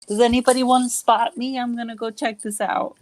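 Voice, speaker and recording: A woman playing in a tabletop game, excitable and animated as she talks. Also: fairly high pitch, brisk, no echo. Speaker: player.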